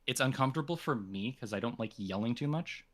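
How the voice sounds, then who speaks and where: A man's voice: medium pitch, lively intonation, fairly quick. A man from Canada taking a voice acting lesson, joking and hesitant, self-deprecating. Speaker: voice acting student.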